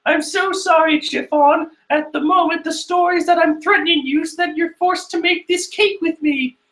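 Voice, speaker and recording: A man putting on a squeaky falsetto voice for a sweet young princess while reading a comic aloud. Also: steady tone, normal speed, fairly bright tone. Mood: apologetic. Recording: echoey room.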